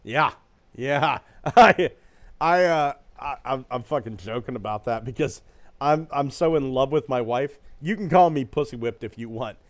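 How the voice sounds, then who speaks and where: A young man hosts a relaxed podcast chat. He wanders off topic, drops curse words without a second thought, and laughs at his own jokes. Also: mid-range voice. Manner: rambling, swears freely, quick to laugh at himself. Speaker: podcast host reading viewer comments.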